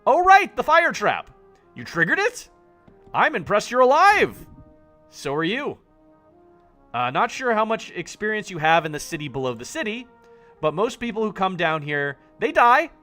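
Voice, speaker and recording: Chatty dwarf miner guy, jolly and braggy, high and bouncy, streamer putting it on. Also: very animated, normal speed, bright, forceful tone, faint music behind, heavily acted. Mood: impressed. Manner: jovial, boastful.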